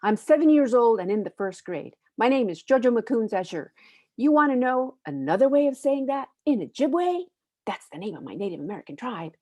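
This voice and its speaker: A woman's voice: on the high side, very animated, brisk, warm tone, pitched above the performer's own voice. A woman voicing a spunky, proud seven-year-old girl as she reads a children's book aloud, in a bouncy, bold way. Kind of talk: reading a picture book aloud.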